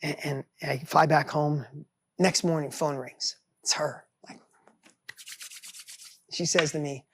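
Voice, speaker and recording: A man in his fifties telling a personal success story in an animated way, bursting with energy and acting out the voices of people in his story. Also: on the high side, slow pace, pauses often, husky, no echo. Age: 50s. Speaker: author and entrepreneur.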